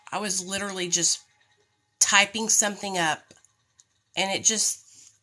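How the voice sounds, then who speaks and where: A woman's voice: mid-range voice, steady tone, unhurried, sharp tone. A woman chatting casually on a livestream, greeting viewers by name and venting when something goes wrong. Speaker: vlogger.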